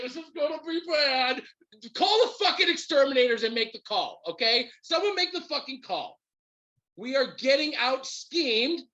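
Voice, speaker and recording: A man's voice: extremely high pitch, highs cut off. A man hosting a podcast, ranting about his football team in heated, profane commentary. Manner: profane, heated, animated rant. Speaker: podcast host. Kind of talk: ranting sports fan commentary.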